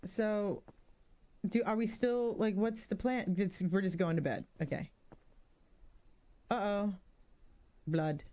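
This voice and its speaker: A woman's voice: medium pitch, slow pace, pauses often. A woman in her thirties doing casual let's-play commentary, joking around and spooking easily. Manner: animated, jokey, easily spooked. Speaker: gaming streamer.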